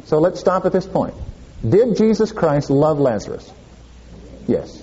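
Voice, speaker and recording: A man's voice: fairly high pitch, very animated, measured pace, mellow, husky, muffled recording. A male preacher giving a sermon, asking the congregation questions and answering them himself.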